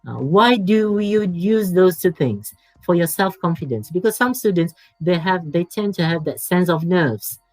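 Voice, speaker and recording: A man with a Malaysian English accent, teaching an exam preparation lecture, emphatic and repetitive, trailing off into soft asides. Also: high voice, lively intonation, unhurried, dry recording, soft background music, rough recording. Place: online workshop.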